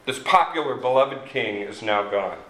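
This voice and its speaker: A man preaching a sermon, slow and halting with many fillers and restarts. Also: medium pitch, lively intonation, fairly bright tone, roomy sound, poor audio. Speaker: pastor.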